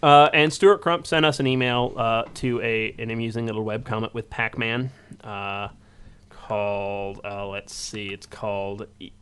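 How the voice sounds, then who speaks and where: A man hosting a laid-back gaming podcast, his voice smooth and resonant. He rambles through listener emails with plenty of fillers and restarts, in an easy conversational tone. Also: fairly low pitch, fairly even intonation, measured pace, a bit bright. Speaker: podcast host. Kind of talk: casual chat, reading listener emails.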